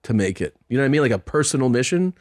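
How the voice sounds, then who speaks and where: A man's voice: mid-range voice, sing-song, very fast, dry recording, studio quality. A middle-aged man hosting a podcast, telling a story in casual chat and acting out the people in it. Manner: laid-back anecdote telling, acting out quoted exchanges. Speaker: podcast host and comedian. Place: podcast studio. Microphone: studio microphone.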